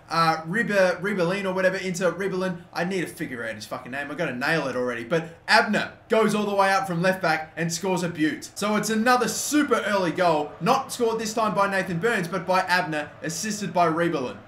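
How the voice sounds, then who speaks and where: A young man giving casual, excitable football game commentary, swearing often and swinging between yelling at the game and muttering to himself. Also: on the high side, brisk. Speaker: gaming YouTuber. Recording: echoey room, faint ambient noise.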